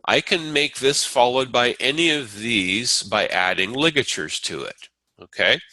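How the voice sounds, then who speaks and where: Slow, bright-voiced male teacher. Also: mid-range voice, expressive, no room sound, low-quality recording. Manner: unhurried, explanatory, with many fillers and restarts. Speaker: Sanskrit teacher. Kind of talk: lecture.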